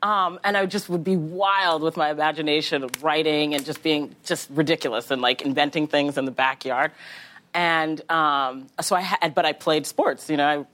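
A woman talk show guest chatting casually, telling a long rambling story with animated asides and laughs. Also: sits low, normal speed. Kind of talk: casual chat.

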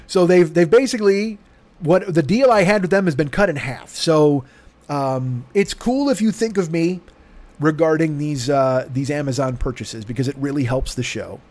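A man in his fifties hosting his own podcast at home, voice hoarse from yelling, rambling with profane, self-mocking comic patter. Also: a little high, normal speed. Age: 50s. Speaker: podcast host. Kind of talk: casual solo podcast monologue. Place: home room with air conditioner.

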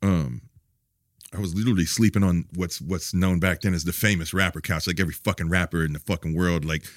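A man's voice: low-pitched, fairly even intonation, no room sound, clean studio sound. A middle-aged man telling stories as an interview guest, swearing casually, restarting his sentences and acting out other people's lines. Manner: profane, loose, halting restarts; acts out quoted voices in stories. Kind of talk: candid storytelling interview.

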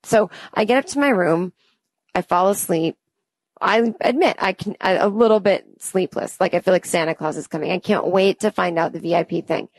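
A woman's voice: fairly low pitch, normal speed, dry recording. A woman in her late thirties, a comedian telling a funny story and acting out both sides of the conversation in a chatty way. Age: 30s. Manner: acts out both sides of the dialogue with chatty asides.

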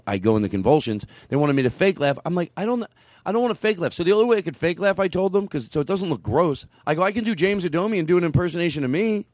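A man hosting a comedy podcast, rambling excitably and laughing a lot as he tells a story. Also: on the high side, dry recording. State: stoned. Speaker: podcast host. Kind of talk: casual comedy podcast chat.

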